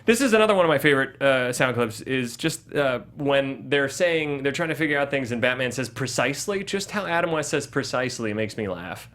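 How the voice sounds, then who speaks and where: A man's voice: mid-range voice, animated, a little fast, few pauses, a bit bright. A man co-hosting a casual movie review podcast, recapping scenes and mimicking the characters' lines. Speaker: podcast co-host.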